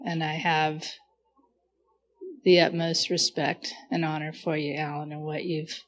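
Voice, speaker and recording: A woman in an online faith group speaking a soft, reverent, heartfelt tribute. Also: low voice, little pitch movement, measured pace, a little hiss or hum.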